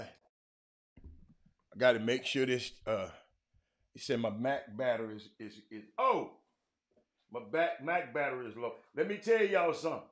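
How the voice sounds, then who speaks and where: Animated rambling male talk host. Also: on the high side. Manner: loose, rambling, animated with many restarts. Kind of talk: casual livestream sports talk.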